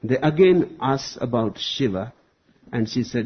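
A spiritual teacher delivers a slow, deliberate discourse with long pauses between phrases. His voice has a husky, breathy edge. The recording sounds dull and lo-fi. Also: lowish voice.

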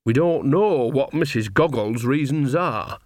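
A man's voice: medium pitch, expressive, measured pace, darkish tone, dry recording, lightly acted. A blunt, commanding old witch woman who settles matters with few words. A man reads her in a dry, close storybook voice. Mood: stern. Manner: blunt, decisive.

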